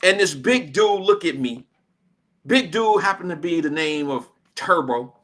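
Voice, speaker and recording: An American man with a high, bright and forceful voice hosts a radio show from the studio. He tells a story in an animated, slangy, casual way. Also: measured pace. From Cincinnati, Ohio, USA. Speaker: radio host.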